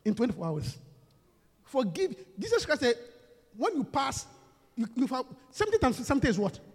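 A man preaching a sermon, calling out questions to the congregation and swinging from soft talk to shouting. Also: very high-pitched, wildly swooping pitch, normal speed, slightly rough. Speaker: pastor. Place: church hall. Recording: reverberant church hall.

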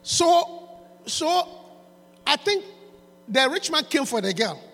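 A man, preaching a sermon by retelling a story, going from quiet asides to shouting. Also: very high voice, very animated, takes it slowly. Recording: reverberant hall with mains hum.

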